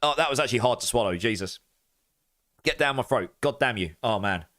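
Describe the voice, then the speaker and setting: A man streaming a game live, chatting with viewers in a casual, animated way and groaning through reactions. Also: mid-range voice, fairly quick.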